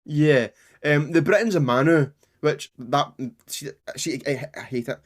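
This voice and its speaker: A man's voice: on the high side, unhurried. A man co-hosting a history podcast, chatting casually, rambling and often laughing. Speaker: podcast co-host.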